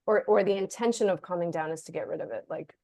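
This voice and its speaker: A woman's voice: on the low side, fast, warm tone, no echo. A woman author in a casual discussion, talking in a chatty way, often saying "like" and briefly acting out the voices she quotes. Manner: chatty, leans on "like", acts out quoted inner voices. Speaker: author and guest.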